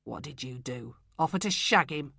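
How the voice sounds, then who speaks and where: A man's voice: mid-range voice, expressive, normal speed, gravelly, sharp tone, husky, no room sound, clean studio sound, pitched below the performer's own voice, full character voice. A woman voicing a smug, hostile male detective colleague who taunts and belittles. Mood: sneering.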